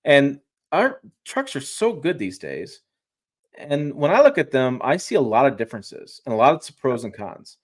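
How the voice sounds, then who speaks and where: A man's voice: medium pitch, big pitch swings, moderate pace. A man talking trucks as a journalist guest in a casual live-stream chat, emphatic and rambling, often restarting his sentences.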